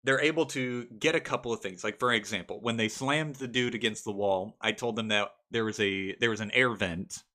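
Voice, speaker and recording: Bright-voiced young man telling game stories. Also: on the low side, a little fast, few pauses. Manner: animated, laughs often, acts out characters. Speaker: game master telling a story. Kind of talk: casual storytelling vlog.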